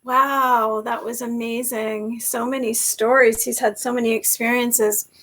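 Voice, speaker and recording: High-voiced woman talk show host. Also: little pitch movement, measured pace, fairly bright tone. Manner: effusive and grateful, many fillers.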